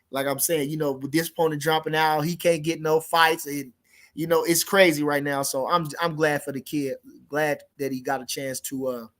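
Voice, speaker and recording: A man hosting a livestream, reading viewers' comments and chatting about boxing in a rambling, casual way, with lots of restarts and shout-outs. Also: on the high side. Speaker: livestream host reading chat.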